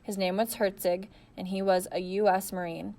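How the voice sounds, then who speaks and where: A woman's voice: mid-range voice, little pitch movement, normal speed, warm tone. Woman narrating an audiobook.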